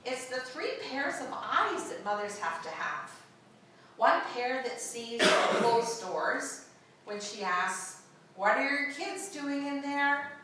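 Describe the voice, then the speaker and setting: A woman's voice: high voice, animated, takes it slowly, sharp tone, a little hiss or hum, voice pushed up, full character voice. A woman reading the lines of God as a patient creator. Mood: explaining. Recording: echoey room from far off.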